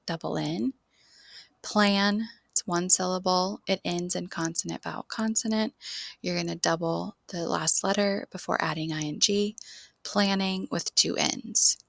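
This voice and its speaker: A woman's voice: lowish voice, gravelly, fairly bright tone, no room sound. A woman teaching an online English grammar lesson, explaining steadily and spelling words out letter by letter.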